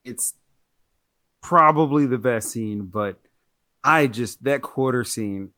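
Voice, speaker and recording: A man talks loosely through a movie review on a podcast, stopping to correct himself mid-sentence. His voice sits at an average pitch for a man. The sound is close and dry, with no room around it. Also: slow, sharp tone, no room sound. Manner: chatty, rambling, self-correcting. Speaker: podcast co-host. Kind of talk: casual movie-review chat.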